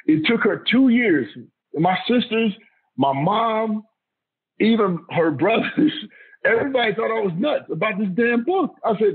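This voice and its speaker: Man, middle-aged, interview guest, husky, emphatic storyteller, tinny phone-like sound. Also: high voice, normal speed. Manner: animated storyteller, repeats himself, emphatic. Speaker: guest, former pro football player.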